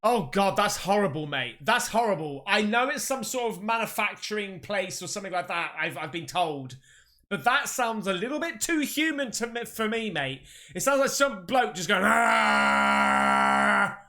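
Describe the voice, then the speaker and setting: A man hosting a reaction video, talking in an excitable, rambling way with jokey asides. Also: high-pitched, normal speed. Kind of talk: casual reaction commentary.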